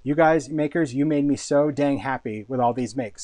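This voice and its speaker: A man's voice: medium pitch, normal speed, mellow, no room sound. A man hosting a casual live product showcase, talking with enthusiasm, chatty and often repeating words as he thinks. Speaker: host and product designer.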